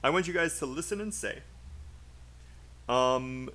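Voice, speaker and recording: A British man teaching a live online speaking class, talking to his students through a desk mic. He models sentences slowly in clear chunks with deliberate pauses, repeating words so listeners can copy them. His voice sits in a middling register. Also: mid-range voice, sharp tone. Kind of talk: livestream speaking lesson.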